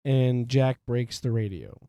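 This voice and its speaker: Mellow-voiced man in casual movie chat. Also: medium pitch, unhurried, clean tone, no echo. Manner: rambling, leans heavily on "like" and fillers. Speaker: podcast co-host. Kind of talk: casual film discussion.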